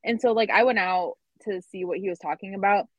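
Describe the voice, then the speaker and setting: A woman's voice: mid-range voice, fairly quick, no echo, rough recording. A woman co-hosting a podcast, telling a story in casual chat with lots of fillers. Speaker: podcast co-host.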